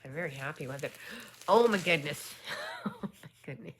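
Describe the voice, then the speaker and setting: A woman vlogger unboxing and showing a book in a casual chat, gushing with excitement and dropping into whispered asides. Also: deep voice, normal speed, noisy background.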